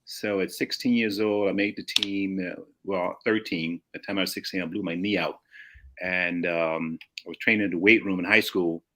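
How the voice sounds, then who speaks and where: A man's voice: sits low, fairly even intonation, moderate pace, bright, forceful tone. A man in his sixties from St. Louis, a guest telling rambling life stories with restarts and chuckles. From St. Louis, USA. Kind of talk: casual storytelling.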